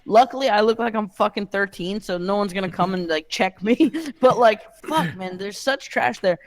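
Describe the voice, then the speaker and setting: High-voiced young man, swearing storyteller. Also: normal speed. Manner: animated storytelling, heavy swearing. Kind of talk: casual chat.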